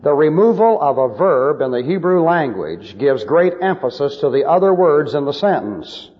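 A man's voice: fairly high pitch, big pitch swings, moderate pace, long reverb tail, dull audio. A male preacher giving emphatic, lecture-style Bible teaching with numbered points.

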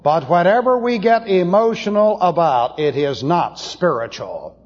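Blunt husky preacher in an echoing hall. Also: male voice, sits high, animated, a little mellow. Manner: blunt, opinionated, slows for emphasis. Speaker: pastor teaching a Bible class. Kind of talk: sermon lecture. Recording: dull lo-fi tape in a reverberant hall.

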